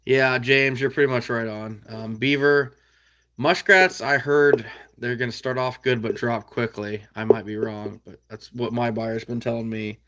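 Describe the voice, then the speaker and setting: Midwest guy hosting a livestream, folksy and laid back, bright voice, middle pitch. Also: steady tone, unhurried. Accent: American Midwest. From Iowa. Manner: easygoing, folksy, chuckles often. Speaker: livestream host reading viewer comments. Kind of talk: casual livestream chat.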